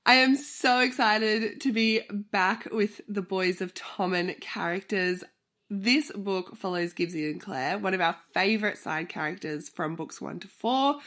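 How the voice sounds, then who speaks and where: A woman's voice: lowish voice, a bit bright. Nasal, breathless woman chatting about books. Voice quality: nasal from a flu. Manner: chatty and rambling, goes off on tangents. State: short of breath from pregnancy. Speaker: book vlogger host. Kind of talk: casual chat.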